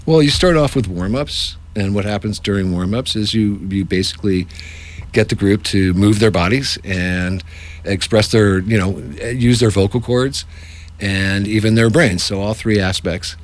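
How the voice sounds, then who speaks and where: A man who runs improv workshops, talking in a casual, jokey interview with animated asides. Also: on the low side, normal speed. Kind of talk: casual radio-style interview.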